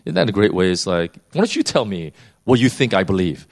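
Animated man teaching from the Bible. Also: low voice, fairly quick. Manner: animated, repeats words while thinking. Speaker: preacher.

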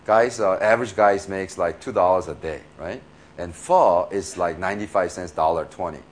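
A middle-aged man preaching in a chatty, animated way, laughing often and filling pauses with fillers. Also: on the low side, a little hiss or hum. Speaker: pastor. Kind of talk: sermon.

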